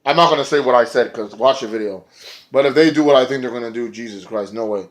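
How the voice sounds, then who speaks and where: A man rambling through a casual wrestling recap in a vlog, excitable and often swearing. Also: mid-range voice, fast. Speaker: wrestling reviewer.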